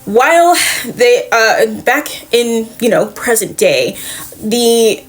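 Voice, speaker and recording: A woman's voice: on the high side, animated, slow, faint music behind. A woman casually retelling a comic book's story as a reviewer, chatty and profane, slipping into the characters' lines.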